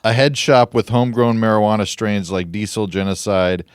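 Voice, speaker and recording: A man co-hosting a podcast, reading listener suggestions haltingly and chuckling at the jokes. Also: on the low side, level tone, smooth, no room sound, clean studio sound. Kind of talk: casual chat, reading emails aloud. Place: podcast studio.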